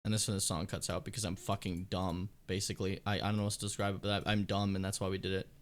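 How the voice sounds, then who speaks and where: A man's voice: low voice, flat delivery, very fast, no room sound. A young man talking casually while editing his own stream footage, rambling, cursing and laughing at himself. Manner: rambling, swearing, breaks into laughs and silly humming.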